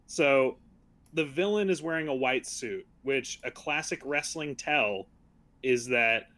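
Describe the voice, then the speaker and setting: A man co-hosting a podcast, reviewing a movie in casual chat, sarcastic and quick to laugh, with many "like" fillers. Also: medium pitch, a bit bright. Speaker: podcast co-host.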